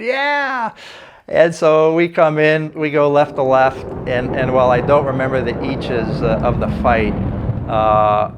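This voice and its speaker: An older man, a former Navy fighter pilot, telling a story for a documentary interview in a relaxed, anecdotal way with frequent fillers. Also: mid-range voice.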